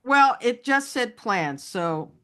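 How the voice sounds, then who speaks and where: A woman's voice: fairly high pitch, animated, takes it slowly, sharp tone. A woman co-hosting a casual chat, telling stories with lots of laughter and restarts. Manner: chatty storyteller, laughs often, many restarts. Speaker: co-host.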